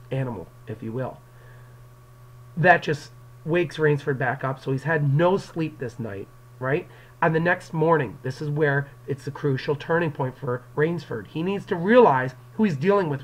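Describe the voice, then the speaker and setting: A man's voice: mid-range voice, rough recording. A male English teacher giving a recorded classroom lecture to his students on an external microphone, explaining the story and acting out quotes from it. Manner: explanatory, addresses students directly, acts out quotes.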